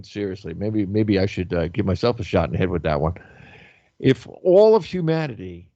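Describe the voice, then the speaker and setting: A man's voice: on the low side, mellow, dry recording, dull audio. A man in his sixties hosting a talk show, chatting casually in a rambling way, repeating words and trailing off. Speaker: host.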